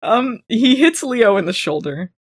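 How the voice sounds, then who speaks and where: A podcast co-host recapping a TV episode in casual chat, sarcastic and quick to laugh. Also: mid-range voice, husky. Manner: animated, sarcastic, laughs often.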